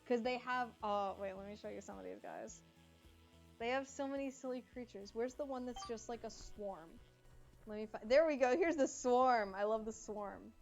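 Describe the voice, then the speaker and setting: A woman's voice: fairly high pitch, moderate pace, gravelly, highs cut off, faint music behind. A woman streaming live who chats casually with her viewers and answers their messages, sounding slightly congested. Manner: chatty, reading and answering chat.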